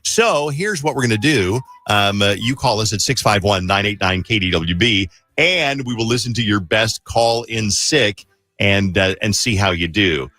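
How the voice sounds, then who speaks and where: Radio host, fifties, very low bright voice, dry studio sound, rambling casual delivery. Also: male voice, animated, moderate pace, no echo. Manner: rambling, many fillers and restarts. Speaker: radio morning show host. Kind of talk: casual morning radio banter. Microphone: studio microphone.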